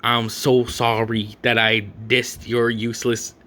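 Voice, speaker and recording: A man's voice: medium pitch, monotone, a little slow, sharp tone. A young adult man telling a rambling, profane storytime rant full of slang and fillers. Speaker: vlogger.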